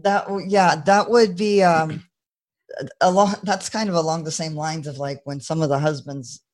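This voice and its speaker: A woman guest on a podcast, telling stories in an animated, casual way and laughing between lines. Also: deep voice, moderate pace. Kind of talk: casual storytelling.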